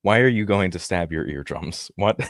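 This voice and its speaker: Man, very low voice, joking, swears freely, game master chat, dry. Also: animated, normal speed, vocal fry, no echo. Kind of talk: casual chat.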